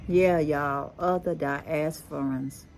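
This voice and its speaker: A middle-aged woman with a Texas Creole accent, a blend of Louisiana and Galveston, talks to her viewers in a low, unhurried voice. She draws out her words and keeps calling them "y'all". A faint outdoor hum sits behind her. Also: steady tone, a little mellow. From Texas, USA. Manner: slow, drawn-out talk, often saying "y'all". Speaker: vlogger. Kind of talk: casual chat to viewers. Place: rooftop outdoors.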